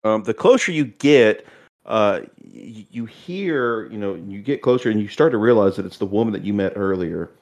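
A man with a somewhat low voice runs a tabletop horror game as its game master. He narrates in halting, searching descriptions. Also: animated.

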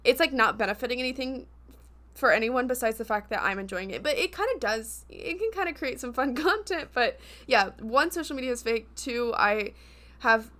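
A woman's voice: fairly high pitch, animated, moderate pace, a bit bright. Giggly young woman podcast co-host. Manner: giggly, playful, laughs often. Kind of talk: casual chat.

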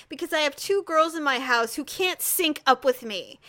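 A middle-aged woman co-hosting a casual chat, telling animated stories and laughing easily. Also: sits high. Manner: animated storyteller, quick to laugh. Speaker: podcast co-host.

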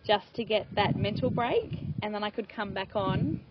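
A woman hosting an interview, giving brief affirmations and asking short, relaxed questions. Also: medium pitch, normal speed. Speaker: podcast host. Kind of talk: conversational interview. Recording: dull lo-fi sound with loud noise.

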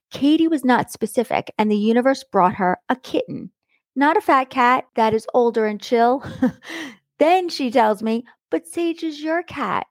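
A woman's voice: a little high, no echo, clean studio sound. A middle-aged woman hosting a podcast and telling a personal story in a chatty, blunt way, laughing often. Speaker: podcast host. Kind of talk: casual storytelling monologue.

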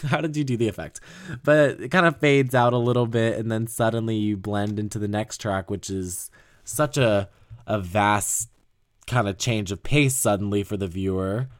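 A young man hosting a podcast, talking casually and rambling about an album he loves, laughing often and swearing now and then. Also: fairly low pitch. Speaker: podcast host. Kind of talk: casual music album review.

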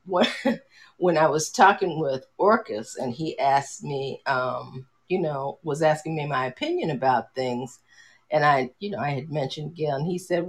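A husky, middle-aged woman's voice talks in a loose, rambling way. She hesitates, circles back and restarts her sentences, full of ums, as she chats with a friend on a podcast. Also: deep voice, expressive, a little slow. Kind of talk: casual chat.

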